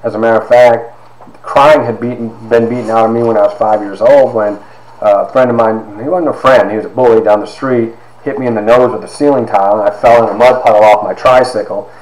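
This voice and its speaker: A man in his fifties giving a personal testimony, halting with fillers and acting out quoted dialogue. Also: on the low side, steady tone, darkish tone. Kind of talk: personal storytelling talk. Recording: roomy echo.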